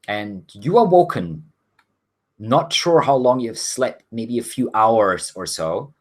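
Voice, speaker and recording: A man narrating as game master of a tabletop game, unhurried and full of pauses and fillers. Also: medium pitch. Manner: relaxed narration with frequent um and uh.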